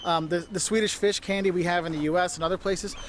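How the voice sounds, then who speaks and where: A man's voice: high voice, steady tone, quick pace, a little hiss or hum. A man giving travel tips to camera outdoors in a city, talking in a chatty, direct way with laughs and asides. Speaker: travel vlogger.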